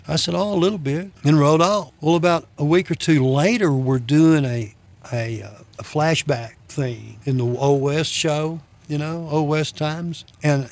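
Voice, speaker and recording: Interview guest, man, slightly higher voice, easygoing anecdotal storyteller. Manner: folksy, self-deprecating, chuckles between lines. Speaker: guest telling stories.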